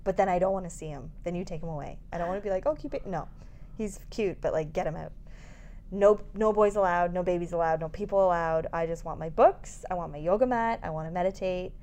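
A woman's voice: fairly low pitch, fast. A woman in her thirties, a mother of babies, telling a candid story in casual chat with lots of laughs and frank swearing. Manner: animated storytelling, laughing, swearing, acting out quotes.

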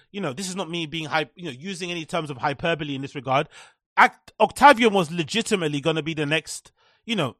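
A man's voice: on the high side, fairly bright tone, no room sound, studio quality. A young man hosting a live stream, ranting sarcastically with lots of swearing and repetition. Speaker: live-stream commentary host. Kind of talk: profane ranting commentary.

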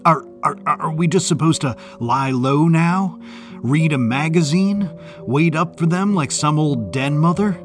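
A man's voice: mid-range voice, expressive, unhurried, soft background music, close to an everyday voice. A man reading an audiobook and voicing an agitated young man who stammers and pushes his point. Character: young man, rattled and hot-tempered brother. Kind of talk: audiobook character voice.

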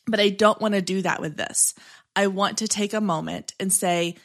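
A woman hosts her own podcast episode. She talks in an upbeat, chatty way, restarts her sentences and often says "like". Her voice sits at a middle pitch. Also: fairly even intonation, moderate pace. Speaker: podcast host.

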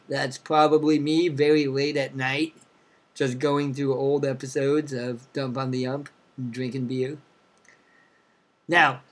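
Young male podcast co-host, a touch higher-pitched, upbeat and chatty, shout-out energy. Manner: upbeat, reads out listener cities with shout-outs. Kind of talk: casual chat.

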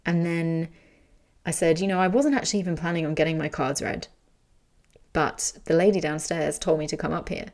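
Low gravelly woman telling her story. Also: normal speed. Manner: frank, animated, swears freely. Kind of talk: casual personal storytelling.

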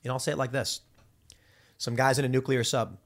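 A man hosting a political commentary show, talking in an animated, rambling monologue with many restarts. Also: mid-range voice, brisk.

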